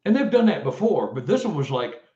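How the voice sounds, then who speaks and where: A man from Texas telling a story as an interview guest, animated and full of "you know" fillers. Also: on the high side, fairly quick. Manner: animated, acts out quoted voices, many "you know" fillers. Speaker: guest investigator. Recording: roomy, slightly dull audio.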